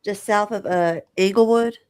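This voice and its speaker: A woman chatting casually, halting often as she searches for words. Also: medium pitch, a little mellow, clean tone, dry recording. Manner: hesitant, halting, with fillers. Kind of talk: casual chat.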